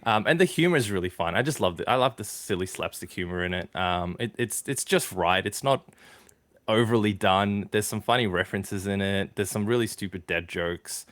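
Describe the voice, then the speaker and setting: A man hosting a casual gaming podcast, relaxed and teasing, with plenty of fillers. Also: fairly low pitch, moderate pace, dry recording. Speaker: podcast host.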